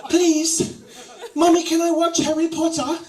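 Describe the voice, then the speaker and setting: A man putting on a high, whining voice of a begging young boy. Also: little pitch movement, measured pace, darkish tone, recorded from a distance, low-quality recording.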